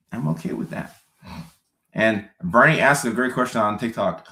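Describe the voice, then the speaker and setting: A man's voice: on the low side, a bit bright, reverberant. A man, a psychiatrist hosting a live stream, casually answering chat comments and often repeating his phrases for emphasis.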